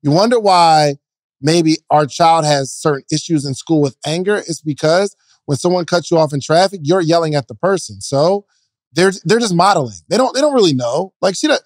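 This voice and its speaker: Man podcast co-host, animated casual storyteller, slightly high voice, dry studio sound. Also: normal speed, no echo. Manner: animated, mimics his child playfully.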